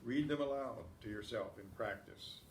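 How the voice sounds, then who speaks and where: A man with a medium-pitched voice speaks at a normal pace, with a little hiss or hum in the background. He teaches an advanced Spanish class in a community classroom, patiently explaining grammar and drilling verb forms one at a time. The room has a roomy echo and faint ambience.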